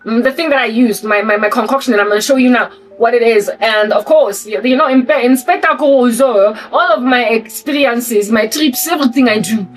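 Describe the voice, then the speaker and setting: A South African woman vlogging to camera, delivering an animated, preachy satirical rant full of repeated rhetorical questions. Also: fairly high pitch, brisk, hardly any pauses. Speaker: Christian vlogger. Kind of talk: ranting satirical monologue to camera. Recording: voice distant from mic, faint music behind.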